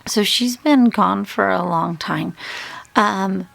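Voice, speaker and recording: A woman's voice: mid-range voice, slow, vocal fry, fairly bright tone, no room sound. A woman in her forties chatting casually as a beauty vlogger, rambling, trailing off and restarting her sentences. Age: 40s. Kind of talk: casual makeup tutorial chat.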